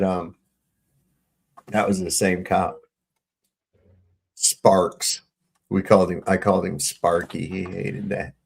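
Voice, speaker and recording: A man on a video-call livestream, telling stories with lots of swearing and laughter, getting loud when he retells arguments. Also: on the low side, creaky. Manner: profane, storytelling, laughs often, gets heated retelling run-ins. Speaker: panel co-host. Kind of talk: casual livestream chat.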